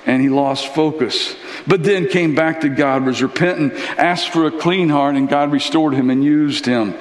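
A man preaches a casual, story-driven sermon, acting out the Bible characters as he goes. His voice sits a little high. It rings through an echoey church hall with a long reverb tail. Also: moderate pace. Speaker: pastor.

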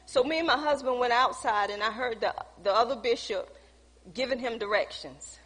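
High-voiced woman pastor preaching. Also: normal speed, a bit bright, slightly rough. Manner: storytelling, reenacting conversations, preachy emphasis. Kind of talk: sermon with personal testimony. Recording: long hall reverb.

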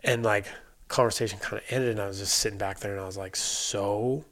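A man's voice: lowish voice, steady tone, fairly quick, fairly bright tone. A young adult man, a bike mechanic guest, telling a story in a casual, chatty way, full of "like" and acted-out quotes. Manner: chatty, lots of "like" fillers, acts out quoted dialogue.

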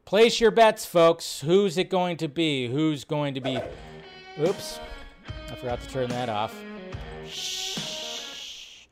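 A man's voice: fairly high pitch, soft background music. Chatty man hosting a film news stream. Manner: chatty and rambling, reads headlines aloud with asides; casual and quick, many fillers and restarts. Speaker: host of a film news live show. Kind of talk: casual live-stream commentary.

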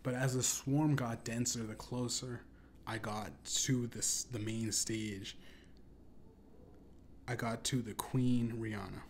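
A man hosting a comedy podcast, rambling through an absurd tall tale in a deadpan, profane way. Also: mid-range voice, slow, a little hiss or hum. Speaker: podcast host. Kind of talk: improvised comedic storytelling.

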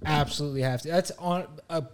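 A man hosting a casual podcast, chiming in with quick reactions and joking asides. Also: a little high, clear, resonant tone. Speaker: podcast host. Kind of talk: casual chat.

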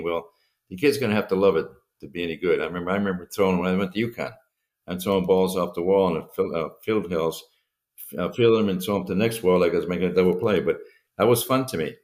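A man's voice: low voice, a little mellow. A man co-hosting a podcast, talking in a casual, reflective way. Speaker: podcast co-host. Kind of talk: casual chat.

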